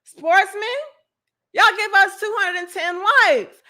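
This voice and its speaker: A woman's voice: very high-pitched, takes it slowly, sharp tone. A woman hosting a livestream, ranting in a profane, emphatic and exasperated way while reading chat comments. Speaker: host.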